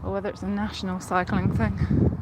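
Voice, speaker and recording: A young woman from Leicestershire with a softened Leicestershire accent, chatting on a live stream while walking a cycle path, enunciating carefully and giggling. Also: mid-range voice, flat delivery, brisk. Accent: Leicestershire English, toned down. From Leicestershire, England. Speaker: livestreamer. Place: outdoors on a riverside cycle path. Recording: loud outdoor noise, wind and traffic.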